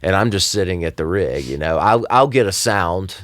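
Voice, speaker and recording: A man's voice: sits low, expressive, moderate pace, fairly bright tone, no echo, studio quality. A man, a recording engineer and producer, talking loosely in a casual podcast interview, with lots of fillers and restarts.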